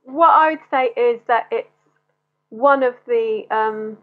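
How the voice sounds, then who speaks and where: Over a tinny, phone-like line, a woman vocal coach with a voice on the high side speaks at a slow pace. In an interview she explains singing technique in a teaching manner, slipping into brief sung demonstrations.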